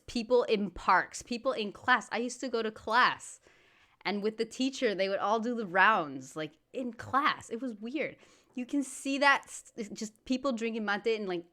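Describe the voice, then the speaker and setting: A woman's voice: medium pitch, fairly bright tone. An American woman hosting a reaction video, chatting casually and bluntly, ranting with lots of "freaking". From United States. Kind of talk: casual chat.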